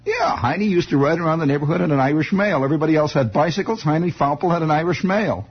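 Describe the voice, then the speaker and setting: A man's voice: on the high side, quick pace, slightly rough. A man telling a rambling comic story, full of digressions and teasing asides to the listener. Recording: dull lo-fi recording.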